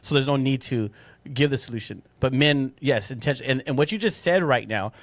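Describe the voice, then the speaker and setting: A man's voice: mid-range voice, no room sound. A man co-hosting a casual podcast, talking emphatically, repeating his points and speaking straight to listeners. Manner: emphatic, repeats himself, addresses listeners as "guys". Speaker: podcast co-host.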